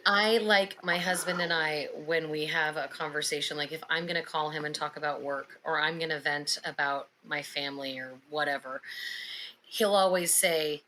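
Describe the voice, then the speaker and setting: A woman co-hosting a podcast, explaining at length in a calm, earnest way. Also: sits low, normal speed, slight background noise, rough recording. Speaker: podcast co-host. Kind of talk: casual podcast chat.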